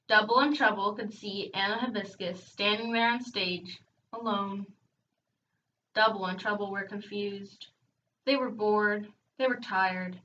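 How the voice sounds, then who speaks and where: A woman reading a children's book aloud, expressive, breaking off now and then for casual chatty asides. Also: medium pitch. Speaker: reader hosting a read-aloud channel. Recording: dull, distant home recording.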